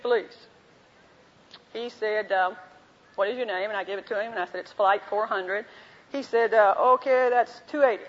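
Woman teacher, high voice, story-driven delivery playing each part herself; muffled old recording in a big echoing hall. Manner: storytelling, acts out both sides of dialogues. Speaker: women's Bible teacher. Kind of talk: teaching talk to a women's group with anecdotes. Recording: dull lo-fi recording in a reverberant hall.

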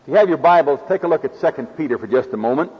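A man's voice: fairly high pitch, lively intonation, racing, husky. A man with an Oklahoma accent preaching a sermon in a folksy, homespun way, drawing on farm stories. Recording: dull lo-fi recording in a reverberant hall.

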